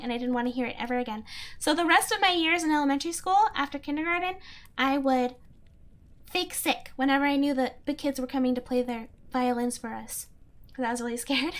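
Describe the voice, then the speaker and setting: A young woman streamer chats casually and answers her viewers, rambling with lots of "like" and breaking into giggles. Her voice sits high and sounds bright. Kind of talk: casual chat, reading chat.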